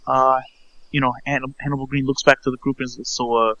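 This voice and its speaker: A man narrating a tabletop game as game master, halting and restarting often. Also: mid-range voice, monotone, bright, forceful tone, no echo, highs cut off. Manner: halting, full of fillers and restarts.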